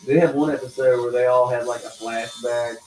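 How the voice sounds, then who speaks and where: In a tattoo studio, a tattoo artist casually retells TV episodes, rambling and packing in "like" fillers with frequent laughter. His voice is medium-pitched, fairly even, fairly quick and a little mellow. The echoey room is picked up by a distant mic, with faint noise.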